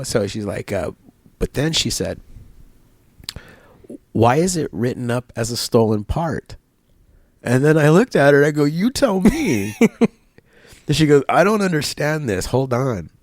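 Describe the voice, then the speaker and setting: A middle-aged man telling a long personal story in an interview at a barbershop, halting and rambling, acting out the people he quotes. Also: medium pitch, a little mellow, no room sound. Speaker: guest.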